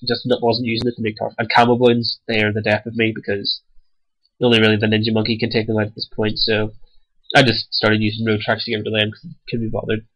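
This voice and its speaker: Young man, stuffy nose, slight rasp, rambling game commentary, hesitant. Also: fairly low pitch, completely flat delivery, quick pace, dull audio. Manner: rambling and hesitant, many ums. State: stuffy-nosed, slightly raspy from a cold. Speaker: gaming channel host. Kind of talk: casual gameplay commentary.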